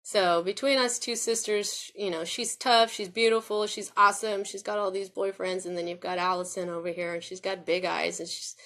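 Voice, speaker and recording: A woman's voice: medium pitch, fairly even intonation, moderate pace, few pauses, fairly bright tone. A woman telling a personal story to camera, rambling and circling back with many restarts and fillers in an earnest, confiding way. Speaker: vlogger. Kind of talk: personal spoken reflection.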